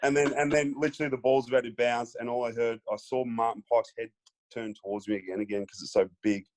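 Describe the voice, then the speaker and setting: A man with an Australian accent, a former footballer telling stories as a podcast guest in a relaxed way, with lots of fillers. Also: mid-range voice, fast talker. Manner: laid-back storyteller, many fillers, acts out quotes. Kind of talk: casual storytelling chat.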